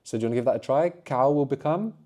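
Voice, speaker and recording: A middle-aged man leads a spoken language lesson in a warm, mellow voice at an even middle pitch. He explains at length and keeps checking in with quick tag questions. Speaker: language teacher.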